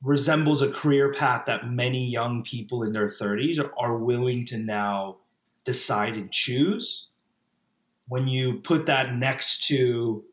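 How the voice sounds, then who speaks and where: A man's voice: mid-range voice, steady tone, slow pace. Reflective man in an echoey room. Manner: reflective, many fillers and self-restarts. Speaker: podcast guest, former pastor. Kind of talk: casual conversational interview.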